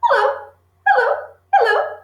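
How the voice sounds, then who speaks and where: A woman voicing a squawking parrot in a storybook read-aloud, with a high shrill repeating call. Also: very animated, measured pace, a bit bright, roomy sound, full character voice.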